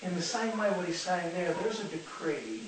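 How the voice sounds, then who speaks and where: A man leads a Bible study in a sermon style, earnest and repeating his words to drive points home. His voice sits high for a man. He is recorded from a distance in a very echoey room with a faint hiss behind him. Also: lively intonation, normal speed.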